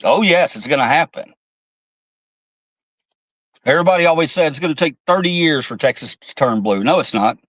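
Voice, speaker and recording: A man's voice: fairly high pitch, animated, moderate pace, long pauses, a bit bright, no echo, low-quality recording. A man hosting a political livestream, ranting heatedly with lots of swearing and reading chat comments aloud. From United States. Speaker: livestream host. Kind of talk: angry political livestream rant.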